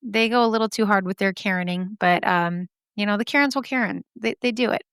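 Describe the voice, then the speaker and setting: A woman podcast host talks into a close microphone in a casual, candid way, cursing freely and laughing at herself between thoughts. Her voice sits at an ordinary middle pitch. The recording is dry, with almost no room sound. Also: a little fast, a bit bright, clean tone, dry recording. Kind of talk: casual chat reacting to listener stories.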